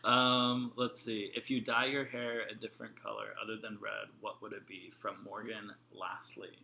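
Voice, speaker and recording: A man's voice: lowish voice, flat delivery, normal speed, vocal fry, sharp tone. A young man co-hosting a casual family vlog Q&A, chatty and laughing often while telling stories. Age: young adult. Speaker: vlog co-host. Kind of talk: casual live Q&A chat.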